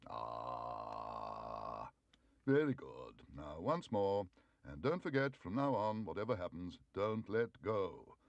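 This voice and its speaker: Man playing a slow, pompous old dentist. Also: sits low, big pitch swings, creaky, dry recording, lo-fi sound, exaggerated voice. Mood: instructing. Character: fussy older male dentist, stiff and formal.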